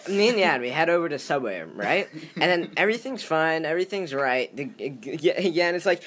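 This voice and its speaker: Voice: mid-range voice, sing-song, a little fast, hardly any pauses, a bit bright. A young adult host telling exaggerated stories in casual chat. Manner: exaggerating storyteller.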